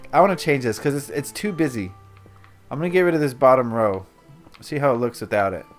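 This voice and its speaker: A man hosting his gaming channel, chatting casually and rambling to himself while he builds. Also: mid-range voice.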